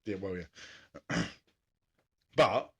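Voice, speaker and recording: A man co-hosting a podcast, chatting casually about cricket, laid-back, swearing now and then and quick to laugh. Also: sits low, huge pitch swings, creaky, husky. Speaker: podcast co-host.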